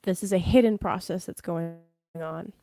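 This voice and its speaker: A woman's voice: lowish voice, moderate pace, dark tone, no room sound, studio quality. A young woman giving a casual live tarot reading, chatty, laughing often and swearing freely. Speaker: tarot reader.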